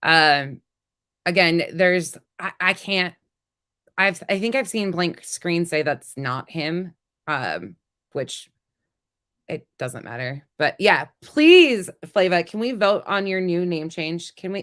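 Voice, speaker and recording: Woman ranting on her stream, sarcastic, kinda sick, lowish voice. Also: expressive, slow pace, a bit bright. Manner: blunt, sarcastic, laughs at her own jokes. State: sick, voice lower than usual. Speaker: commentary host. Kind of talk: casual drama commentary.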